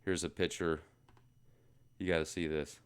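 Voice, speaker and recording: A man's voice: rumbling low, little pitch movement, normal speed, smooth. A man hosting a casual commentary video, joking and rambling between topics. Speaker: video host.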